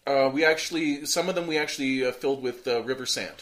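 A man's voice: medium pitch, fast, fairly bright tone. A man telling a long, rambling story in casual chat, full of fillers, restarts and swearing.

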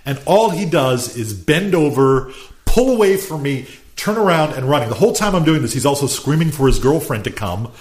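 A man telling a story in casual chat, animated, acting out quotes and laughing often. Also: a little high, normal speed.

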